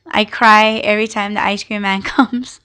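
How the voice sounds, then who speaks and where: A woman's voice: medium pitch, bright, forceful tone, clean tone. A young woman hosting a podcast, telling a personal family story in a candid, emotional way and swearing freely. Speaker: podcast host.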